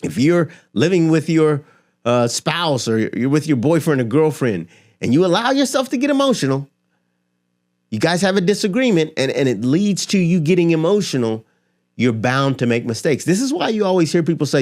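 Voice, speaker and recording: A man with a voice of ordinary pitch speaks straight to his audience in a motivational talk. He is emphatic and persuasive, stacking rhetorical questions and repeating phrases to drive his points home. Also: expressive, normal speed, a little mellow. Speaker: finance and motivation creator. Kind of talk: direct-to-camera motivational talk.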